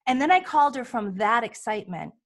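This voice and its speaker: Woman, higher-pitched voice, animated storyteller, casual chat, acts out quoted lines. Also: fast. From United States. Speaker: guest healer.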